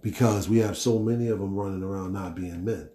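A middle-aged man hosting a podcast, telling a story in a blunt, animated way, acting out the quotes and swearing freely. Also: low voice, fairly quick, reverberant. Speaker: podcast host. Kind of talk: casual storytelling monologue.

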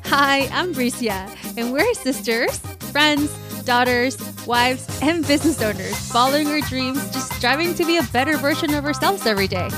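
High-voiced encouraging woman co-host. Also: lively intonation, moderate pace, hardly any pauses, music in the background. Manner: encouraging, blunt and warm. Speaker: podcast co-host. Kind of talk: casual chat. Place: recording booth.

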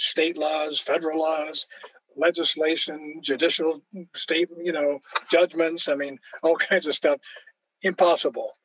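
A man's voice: a little high, fairly bright tone, dry recording. A Canadian man, an author, giving opinions and telling stories emphatically in a conversation. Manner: storytelling, emphatic, acts out quoted voices. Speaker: author guest. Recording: dull lo-fi dry recording.

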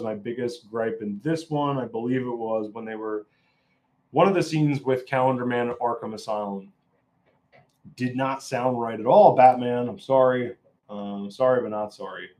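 A man's voice: medium pitch, a little mellow. A man giving a casual, opinionated film review, rambling and often restarting his sentences.

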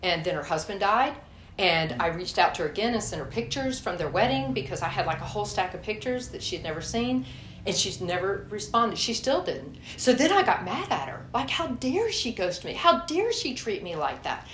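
A woman giving a sermon and telling personal stories in a lively way, acting out her own anger. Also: mid-range voice, fairly quick, a little hiss or hum. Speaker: guest speaker. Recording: echoey room.

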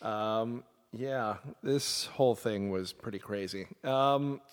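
A man's voice: fairly low pitch, slow, clean tone, long reverb tail. A man in casual podcast chat, laughing often as he recaps episodes. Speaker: podcast co-host.

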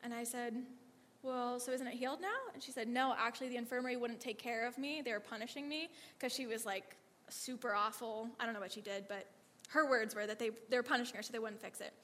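A woman telling animated ministry stories to a church audience, laughing often and acting out the lines of the people in her stories. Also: fairly high pitch, quick pace. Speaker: speaker sharing ministry stories. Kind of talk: testimony storytelling to a church audience. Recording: long reverb of a hall.

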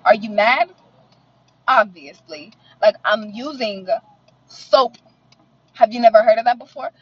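A woman's voice: on the high side, measured pace, husky, muffled recording. Profane, indignant woman venting in a car. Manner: profane, animated and indignant, mutters affirmations softly. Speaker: vlogger ranting to camera. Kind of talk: casual venting monologue.

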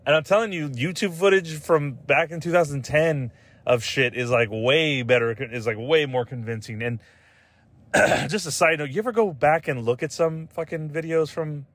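A man's voice: a little high, normal speed, a bit bright, no echo. A man hosting a podcast in a casual, rambling chat, swearing freely, leaning on "like" and "dude" and laughing at his own jokes. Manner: loose and profane, heavy on "like" and "dude", trailing restarts. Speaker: podcast host.

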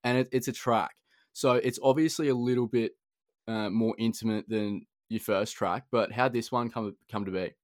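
A young Australian man hosts a casual podcast chat. He tells a story in an animated way, swearing and laughing as he goes. The sound is dry and close. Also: fairly low pitch, normal speed, no echo. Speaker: podcast host.

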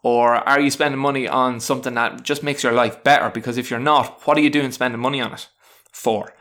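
A man's voice: medium pitch, steady tone, brisk, fairly bright tone. A man, a teacher, casually talking through his personal tips. He rambles and restarts often and sounds frank and chatty. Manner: rambling, many restarts and fillers; frank, chatty, self-deprecating. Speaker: teacher sharing self-help tips. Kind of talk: casual spoken advice monologue.

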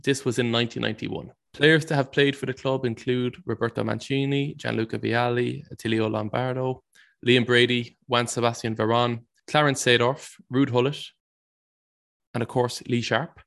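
A man's voice: mid-range voice, steady tone, moderate pace, creaky, fairly bright tone. A man hosting a football trivia quiz on a podcast, reading questions and joking with the contestants. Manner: reads trivia questions, jokey. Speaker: quiz host. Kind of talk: casual podcast quiz chat.

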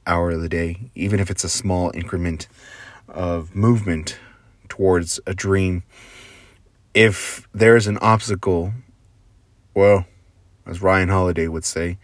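A man giving a casual motivational monologue, earnest and rambling, drifting into quiet asides and casual swearing. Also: deep voice, fairly even intonation, moderate pace, no room sound. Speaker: motivational speaker.

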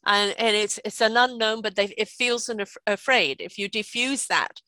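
A British woman in her sixties telling stories in a chatty, lively way, often laughing and checking in with "right?". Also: medium pitch, normal speed, no echo. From Britain. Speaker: guest. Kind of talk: casual storytelling conversation.

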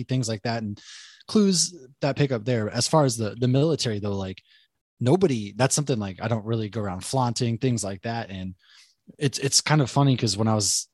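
A man's voice: lowish voice, no echo, clean studio sound. A man in his thirties with a Boston accent, a guest telling his story in casual podcast chat, loose and profane, often laughing. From Boston area, USA. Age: 30s. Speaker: podcast guest, military service member.

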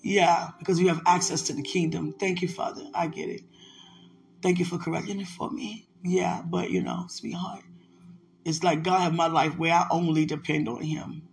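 Gravelly-voiced woman, tender and prayerful. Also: lowish voice, steady tone, normal speed. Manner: emotional, prayerful, talks tenderly to unseen listeners. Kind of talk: casual spiritual vlog talk.

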